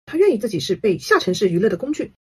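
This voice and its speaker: A woman giving analytical commentary in a brisk, knowing, critical way. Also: medium pitch, big pitch swings, husky. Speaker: online commentator.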